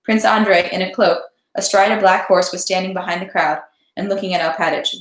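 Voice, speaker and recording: A woman reading a classic novel aloud in a steady voice, then chatting casually about the story. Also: on the low side, a little fast. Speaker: read-aloud host. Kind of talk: literary narration, then casual chat. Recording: roomy echo.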